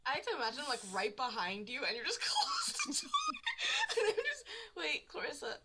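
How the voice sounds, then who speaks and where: A woman playing a tabletop game, chatting in an animated, expressive way. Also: high-pitched, fairly quick, very noisy. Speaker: player. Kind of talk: casual game chat.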